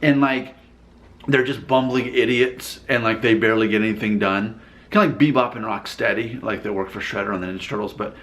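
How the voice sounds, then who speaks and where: A man's voice: lowish voice, fairly even intonation, brisk, fairly bright tone. A man casually rambling as he reacts to viewer comments in his vlog, often breaking into laughter.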